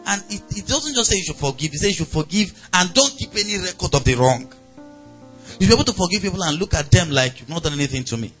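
Nigerian male pastor, slightly high voice, animated sermon delivery, soft music underneath. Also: fast talker. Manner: animated preaching, acts out angry voices, laughs.

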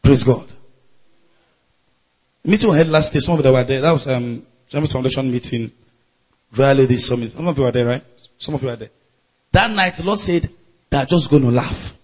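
A man preaching a sermon to a live congregation, laughing out loud and shouting chanted refrains. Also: medium pitch, a little fast, long pauses, slightly rough.

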